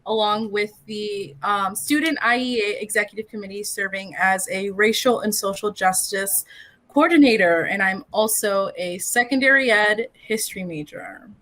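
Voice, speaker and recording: A woman's voice: mid-range voice, moderate pace, fairly bright tone. A young woman from Illinois, a student co-hosting an awards ceremony over a video call in an upbeat, playful way. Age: young adult. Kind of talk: casual hosting chat.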